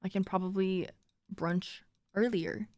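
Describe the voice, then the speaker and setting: A woman's voice: medium pitch, fairly even intonation, a little slow, a little mellow, no echo, clean studio sound. A young woman streaming, chatting casually with her viewers, giggly and cooing baby talk to her dog.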